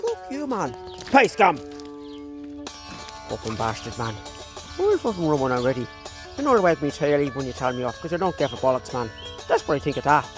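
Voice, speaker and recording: A brash male farm dog who swears and shrugs off being told off, talking in a raised, squeaky Irish voice, as his owner puts it on. He sounds cocky and dismissive, with a high, strained lift and a faint tune in the background outdoors. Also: sing-song, fairly quick, pauses often, music in the background. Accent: Irish, put on.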